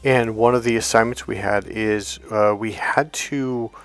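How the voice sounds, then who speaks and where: A man's voice: lowish voice, fairly even intonation, unhurried, fairly bright tone, soft background music. A middle-aged man, a dating coach, telling stories in casual monologue, acting out the people he quotes and swearing freely.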